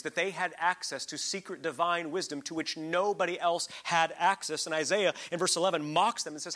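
A man preaching an expository sermon, swinging between hushed asides and loud, mocking emphasis. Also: mid-range voice.

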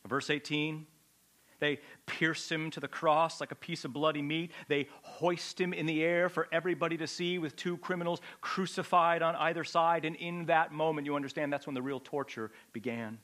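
A man preaching a sermon with a dramatic delivery, swinging from loud outbursts to a hushed, low voice. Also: fairly even intonation, normal speed. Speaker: pastor.

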